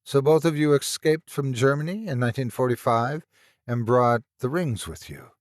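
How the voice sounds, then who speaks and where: A man voicing a professor in a calm, gentle manner in a storybook reading. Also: mid-range voice, moderate pace, no echo, studio quality, natural voice.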